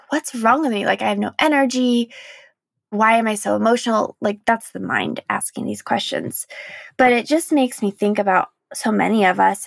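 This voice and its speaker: A young woman hosts a solo podcast, speaking in a candid, heartfelt way with a gravelly fry at the ends of her phrases. The sound is dry and close. She sprinkles in "like" and gentle laughter as she reflects. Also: medium pitch, no room sound. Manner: emotional, candid, frequent "like" and soft laughs. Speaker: podcast host.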